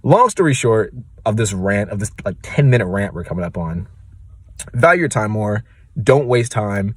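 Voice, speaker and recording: A man's voice: on the low side, sing-song, moderate pace, breathy edge, no echo. A young man from the United States ranting casually in a vlog, rambling with lots of fillers. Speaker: real estate advisor vlogger.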